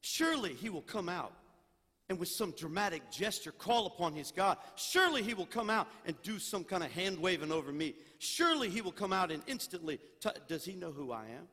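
A man's voice: high-pitched, very animated, brisk, sharp tone, husky, in a large hall, voice pushed up, full character voice. A man, the pastor, voicing a proud and indignant army commander in a Bible story. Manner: indignant, scornful.

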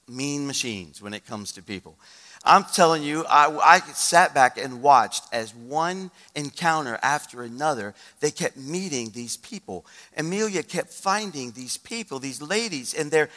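A male pastor telling a story from the pulpit, bright and forceful in tone, with a fairly high voice for a man. His delivery is animated, and he acts out the people he quotes. The sound rings with long reverb from a church hall. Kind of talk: storytelling sermon.

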